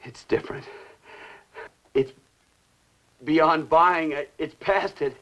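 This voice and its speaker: An actor playing an obsessed man in a 1960s television drama, swinging between whispers and shouts as he raves about money. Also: a little high, slow pace. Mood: feverish.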